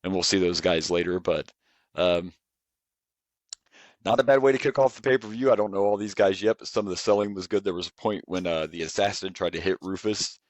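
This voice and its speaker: A man co-hosting a podcast that reviews wrestling, talking in a relaxed, rambling way with frequent chuckles. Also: low-pitched, a little fast, dry recording. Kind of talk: casual chat.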